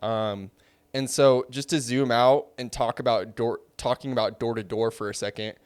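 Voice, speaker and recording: A man's voice: mid-range voice, fairly even intonation, moderate pace, smooth. A man hosting a casual podcast interview, reflecting and asking broad framing questions. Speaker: podcast host.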